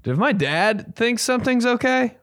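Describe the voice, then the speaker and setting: A man's voice: animated, moderate pace, fairly bright tone, dry recording, clean studio sound. A young man hosting a comedy podcast, telling a rambling, profane story and jumping into silly voices. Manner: profane, rambling, acts out voices with big pitch jumps.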